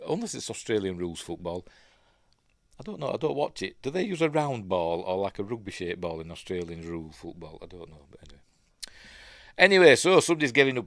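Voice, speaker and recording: A film reviewer from Yorkshire, England, talks through a movie in his Yorkshire accent, casual and rambling, with lots of ums and asides. His voice is fairly low, captured as a dry, clean studio recording.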